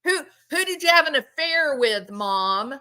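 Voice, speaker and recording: A baffled grown son, as a woman mimics him, fumbling through stammered, incredulous questions to his mother. The voice sits fairly high and bright, with a slow, halting pace. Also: lively intonation, heavily acted. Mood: bewildered.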